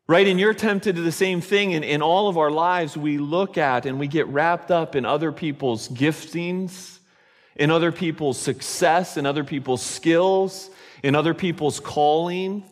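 A man preaching a sermon at a slow, deliberate pace, his earnest and reflective delivery leaning on repetition for emphasis. His voice sits a little high for a man. It rings out with a long reverb, as in a church sanctuary. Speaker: pastor. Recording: reverberant hall.

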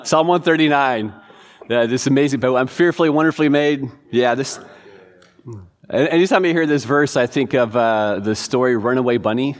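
A man teaching a church Bible class in a relaxed, informal way, reading verses and quizzing listeners. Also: mid-range voice, moderate pace. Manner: informal, chatty, quizzing the audience. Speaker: pastor.

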